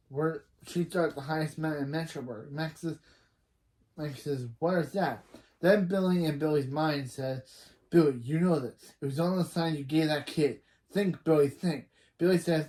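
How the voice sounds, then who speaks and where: Man with a higher voice, rambling movie recap. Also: a little mellow. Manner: rambling, reciting lines with "he says" and frequent self-corrections. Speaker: reaction channel host. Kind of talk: retelling a movie scene by scene.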